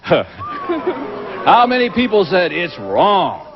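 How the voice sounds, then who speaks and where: A man hosting a game show, bantering and teasing the contestants in a brisk way. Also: high-pitched, wildly swooping pitch, over music, crowd noise. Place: TV studio with live audience. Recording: dull old TV tape, studio audience. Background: studio audience.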